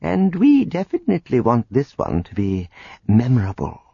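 A man voicing a sly, self-assured male schemer with a smooth, approving manner. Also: medium pitch, wildly swooping pitch, moderate pace, warm tone, dry recording, highs cut off, full character voice.

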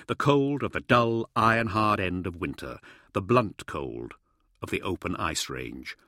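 A man giving scripted audiobook narration, expressive and measured. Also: lowish voice, no room sound, clean studio sound.

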